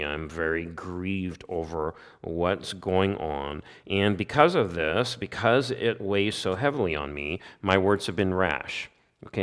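A man with a somewhat low voice leads a Bible study and walks his listeners through the text. He explains it in plain words, voices its lines in the first person and keeps asking rhetorical questions. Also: a bit bright. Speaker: Bible teacher.

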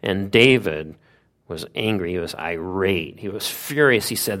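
A man preaching a sermon, retelling a Bible story with lively asides and rhetorical questions. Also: low-pitched, a little slow.

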